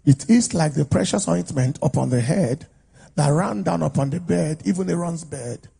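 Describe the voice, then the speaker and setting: A pastor preaching a sermon to a congregation in a declamatory, call-and-response style, urging people to shout amen. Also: male voice, a little high, normal speed, gravelly, husky. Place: church service with a congregation.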